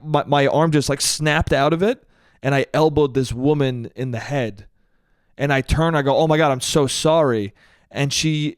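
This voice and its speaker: A man's voice: mid-range voice, clear, resonant tone, no room sound, clean studio sound. A man telling a long, rambling comic story on his own podcast, laughing at himself and saying "dude" often. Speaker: podcast host. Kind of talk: solo comedic storytelling.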